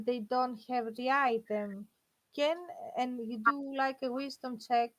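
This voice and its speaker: A woman playing a tabletop game, asking and explaining hesitantly with many pauses and fillers. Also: fairly high pitch, dry recording, low-quality recording. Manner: hesitant, many ums and uhs, earnest. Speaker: player.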